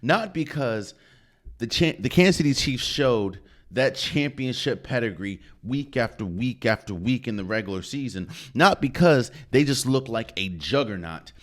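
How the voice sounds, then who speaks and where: Animated man talking football on a podcast. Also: mid-range voice, normal speed. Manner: animated, emphatic, repeats phrases for effect. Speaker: podcast host. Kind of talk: solo sports commentary.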